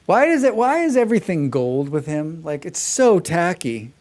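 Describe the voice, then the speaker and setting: A man's voice: fairly high pitch, big pitch swings, moderate pace, darkish tone. A man livestreaming himself playing a game, chatting casually and making sarcastic, joking asides. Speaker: game streamer. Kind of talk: casual chat during a gameplay livestream.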